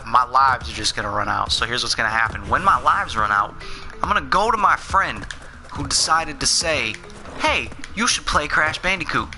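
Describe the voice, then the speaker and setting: A man's voice: mid-range voice, pushed and bright. A young man streaming gameplay live, ranting and swearing in tired frustration. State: frustrated and worn out.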